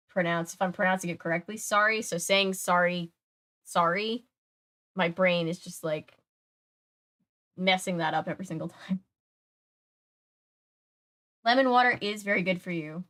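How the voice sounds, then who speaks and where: A woman's voice: on the low side, a bit bright. A young woman hosting a casual reading live stream, chatting to her viewers with many filler words between chapters. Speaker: live-stream host reading a book aloud.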